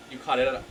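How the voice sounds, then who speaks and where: A young adult streamer giving sassy, animated live commentary on a game and swearing freely. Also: noisy background. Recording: clear game music underneath. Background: game music.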